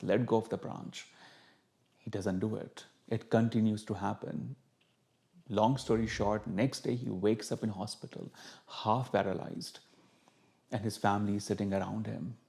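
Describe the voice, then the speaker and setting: Calm, mellow-voiced man. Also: lowish voice, normal speed, creaky. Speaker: spiritual teacher. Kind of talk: storytelling monologue to camera.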